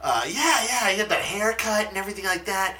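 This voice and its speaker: A man in his thirties casually telling funny stories in a podcast chat, swearing freely and shouting out the lines of the people he quotes. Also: high voice, lively intonation, a little fast, a loud crowd. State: talking quietly at times because his wife sleeps.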